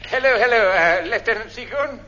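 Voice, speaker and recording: An actor playing a leering, rambling, lecherous old army major in a 1950s radio comedy. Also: male voice, high voice, fairly quick, sharp tone. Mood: bumbling. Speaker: army officer. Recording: muffled old broadcast with hall echo, audience.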